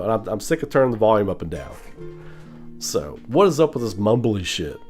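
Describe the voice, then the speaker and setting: Animated male host, lowish voice, casual swearing rant over quiet guitar. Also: a little fast. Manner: animated, swears freely, mimics mumbling voices. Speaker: channel host.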